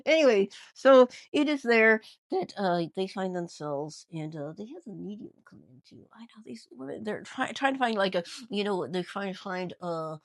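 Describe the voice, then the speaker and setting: A woman's voice: medium pitch, animated, normal speed, few pauses, dry recording. A woman ventriloquist hosting a casual, rambling comedic news recap with many restarts. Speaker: ventriloquist host.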